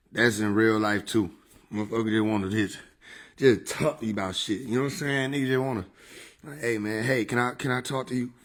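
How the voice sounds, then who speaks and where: A man casually chatting on a livestream into a desk microphone, joking, swearing and laughing often. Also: fairly low pitch. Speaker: streamer.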